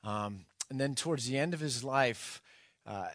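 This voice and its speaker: Middle-aged pastor man preaching casual, cracks jokes, lots of um's, gets worked up telling a story, mid pitch, dry sound. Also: unhurried, fairly bright tone, dry recording. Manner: casual, joking asides, fillers, builds to emphatic storytelling. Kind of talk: conversational sermon.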